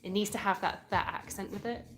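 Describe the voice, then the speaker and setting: This livestream host, a British woman from England in her thirties, talks at a brisk pace with a medium-pitched voice and British English accent. She chats casually from indoors at home while replying to viewer comments.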